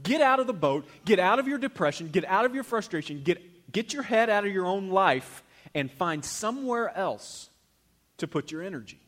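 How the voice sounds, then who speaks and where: A man's voice: on the high side, big pitch swings, unhurried, bright, forceful tone, heavily acted. A man voicing Jesus as a grown man urging his followers to look beyond themselves, in a rising, pressing exhortation. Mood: urgent.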